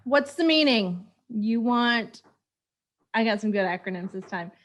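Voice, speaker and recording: A woman in her thirties co-hosting a podcast, chatting casually and telling stories in an animated way, laughing often. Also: on the high side, measured pace, a little hiss or hum. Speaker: podcast co-host. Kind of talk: casual chat.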